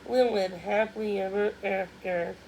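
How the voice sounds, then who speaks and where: A woman voicing an eager young male fairy prince, speaking up in a raised, earnest, hurried way in her own middling voice. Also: medium pitch, steady tone, gravelly, darkish tone, a little hiss or hum, low-quality recording.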